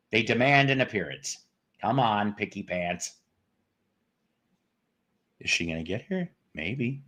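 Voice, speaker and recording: A man's voice: fairly low pitch, expressive, takes it slowly, long pauses, bright, forceful tone. A man hosting a casual live stream, rambling and joking with viewers with crude humor. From northern United States.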